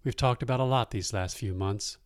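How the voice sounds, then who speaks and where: A man reading a first-person story aloud in a plain-spoken, unhurried way. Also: medium pitch, dry recording, studio quality.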